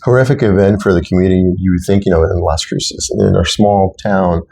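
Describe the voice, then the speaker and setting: A man's voice: low-pitched, steady tone, fairly quick, vocal fry, mellow, slight background noise. A middle-aged man from Texas, a city council candidate, telling personal stories earnestly in an interview. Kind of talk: interview conversation.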